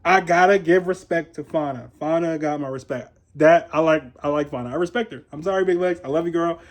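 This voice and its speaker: A young man from Ohio giving a casual, profane commentary on a reality show. He is chatty, laughs often and makes animated asides. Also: on the high side, brisk. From Columbus, Ohio, USA. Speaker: reality TV reviewer.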